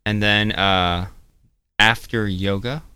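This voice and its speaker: A man's voice: on the low side, steady tone, slow pace, pushed and bright, clear, resonant tone, dry recording. A young man chatting casually on a podcast, laughing often and drawing words out when he demonstrates them. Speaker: podcast co-host. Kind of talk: casual chat.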